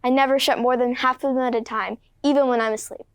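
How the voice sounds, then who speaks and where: A bragging, bumbling male watchman with a hundred eyes, as a woman puts him on for a student class play. The voice is smooth and resonant and sits a little high. It is recorded dry. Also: fairly even intonation, fast talker, no echo. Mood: boastful. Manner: boastful, bumbling.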